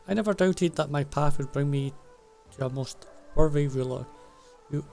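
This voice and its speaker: A man's voice: fairly high pitch, moderate pace, gravelly, warm tone, faint music behind. A man reading as a grandiose young woman traveller. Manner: flowery, theatrical phrasing. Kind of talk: reading game dialogue aloud.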